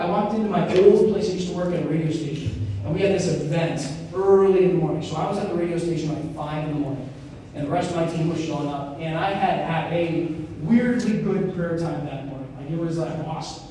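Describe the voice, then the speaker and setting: A young man giving a casual faith talk, telling stories with lots of fillers. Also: high voice. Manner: animated storytelling with many fillers. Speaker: speaker on Christian formation. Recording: very echoey hall, mic far off, faint noise.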